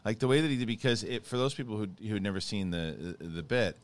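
A man's voice: fairly low pitch, quick pace. A man hosting a podcast, chatting casually and enthusiastically, often restarting his sentences. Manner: animated, enthusiastic, self-interrupting. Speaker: podcast host. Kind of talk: casual chat.

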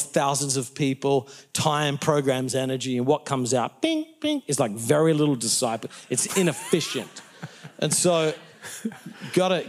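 A middle-aged man from Australia with an Australian accent, a pastor answering interview questions in an animated, preacherly way, often restarting sentences and laughing at his own jokes. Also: mid-range voice. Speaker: pastor, guest.

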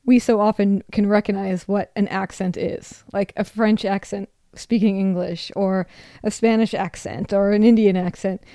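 A woman's voice: medium pitch, fairly even intonation, normal speed, mellow, dry recording, clean studio sound. A woman co-hosting a podcast, asking curious, probing questions in casual conversation. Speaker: podcast co-host.

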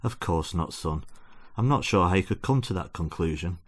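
Man playing a pompous football dad, lecturing, deep low voice, storybook comedy. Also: animated, normal speed. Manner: preachy, lecturing. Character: football-obsessed middle-aged dad, pompous and self-deluding.

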